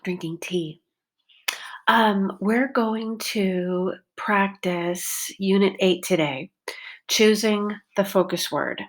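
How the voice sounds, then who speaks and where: A woman teaching a pronunciation lesson, speaking slowly and carefully and drawing out words to show pitch changes. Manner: slow and deliberate, stretches words to show pitch. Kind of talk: slow, careful classroom lesson.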